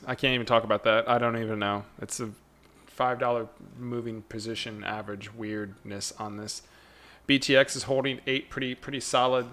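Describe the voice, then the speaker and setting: A mid-pitched man livestreams his day trading, talking partly to himself and partly to his chat. His muttered running commentary loops short phrases again and again before erupting into quick, excited bursts.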